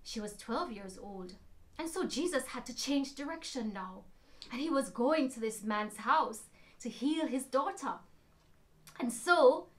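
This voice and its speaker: A woman telling a Bible story to children, expressive, shifting between loud emphasis and hushed whispers. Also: high voice.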